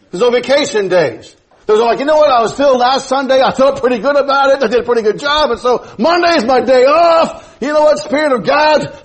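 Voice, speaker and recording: A man with a high, husky voice preaches a teaching sermon. He keeps it folksy, breaks in with joking asides and then lands his points with emphasis. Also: darkish tone. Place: church.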